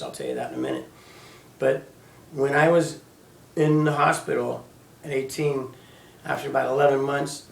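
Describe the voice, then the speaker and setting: Halting, gravelly-voiced man in his fifties. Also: mid-range voice, a little hiss or hum. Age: 50s. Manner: halting, sporadic, with many restarts and fillers. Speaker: storyteller recounting his own near-death experience. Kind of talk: personal testimony, casual spoken storytelling. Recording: echoey room, voice heard from a distance.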